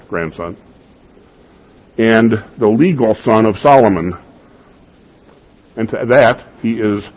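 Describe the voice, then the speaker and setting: The recording has its highs cut off, and the man speaking has a lowish, husky voice. He is a pastor preaching an expository sermon, emphatic and instructive, questioning his congregation rhetorically as he underlines key points.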